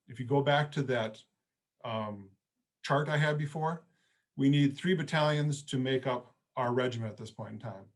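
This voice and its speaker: A middle-aged man, a history professor, giving an online history lecture in a relaxed, storytelling way. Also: medium pitch, moderate pace. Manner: conversational storytelling with casual phrasing.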